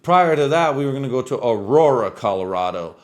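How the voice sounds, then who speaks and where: Talking a little fast in an expressive mid-range voice, a native Spanish speaker of Mexican-American background spins a meandering, foul-mouthed tale in English for his casual, relaxed vlog.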